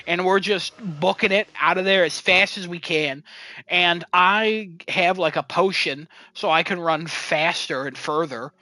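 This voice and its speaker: A man's voice: high-pitched, unhurried, sharp tone, no echo, low-quality recording. A young man casually telling a funny story about his video game, acting out quotes and laughing often. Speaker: podcast co-host.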